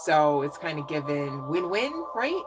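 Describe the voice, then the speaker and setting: Woman, deep voice, psychic reader, effusive, encouraging, chatty, music playing behind. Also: very animated, measured pace, low-quality recording. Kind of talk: casual live reading chat.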